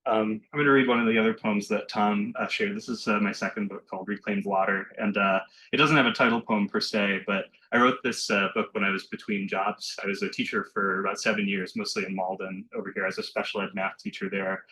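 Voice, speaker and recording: A man giving a poetry reading in a bookshop, chatting loosely between poems and reading them slowly and carefully. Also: on the low side, steady tone, pushed and bright, poor audio. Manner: chatty and self-deprecating between poems, slow and measured when reading. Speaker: poet reading his work. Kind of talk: poetry reading with casual asides. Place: bookshop reading room with a live audience.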